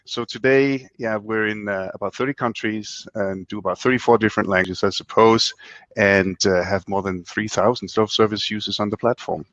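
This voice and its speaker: A man's voice: lowish voice, steady tone, moderate pace, fairly bright tone, no echo, muffled recording. A man from Denmark speaking as a guest in a casual video-call chat, hesitant with dry humor. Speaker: guest, company co-founder.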